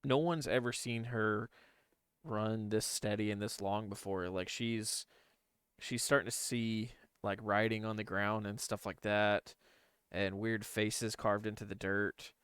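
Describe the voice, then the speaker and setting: A man's voice: fairly low pitch, unhurried, clear, resonant tone, no room sound, studio quality. A man playing a tabletop game, eagerly describing what his character does. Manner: animated, eager telling of his character's actions. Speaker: player. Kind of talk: casual tabletop play.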